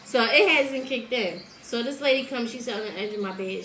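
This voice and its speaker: A woman's voice: fairly high pitch, fairly quick, hardly any pauses, echoey room, noisy background. A woman telling a story in a casual chat, laughing often and acting out what people said. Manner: animated, laughs often, acts out quotes. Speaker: host.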